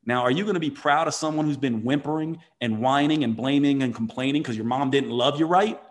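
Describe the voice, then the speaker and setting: A man's voice: medium pitch, fairly quick. A man telling a motivational story in conversation, earnest and emphatic, often restarting his sentences.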